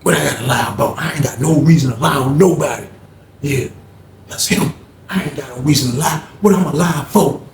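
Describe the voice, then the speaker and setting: A man animatedly telling a story, acting out other people's voices in loud, high bursts. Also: brisk, vocal fry, crowd noise. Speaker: storyteller recounting jail events. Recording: echoey room with faint background noise.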